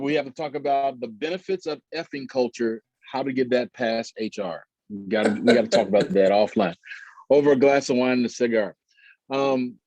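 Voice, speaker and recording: A man hosting a casual interview, asking his guest a question in a relaxed, joking way. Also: mid-range voice, no echo. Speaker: host. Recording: dry, slightly dull sound.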